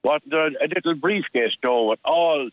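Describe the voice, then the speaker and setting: A man's voice: a little high, no echo. Irish man telling a story over a tinny phone line. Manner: halting storyteller with many restarts, acting out dialogue. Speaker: caller.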